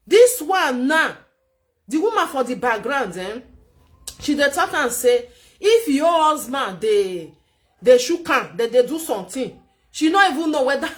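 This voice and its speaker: Woman vlogger, Nigerian Pidgin accent, fairly high voice, preachy chatty advice delivery. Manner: chatty, lecturing, repeats herself for emphasis. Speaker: vlogger giving relationship advice. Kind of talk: casual commentary.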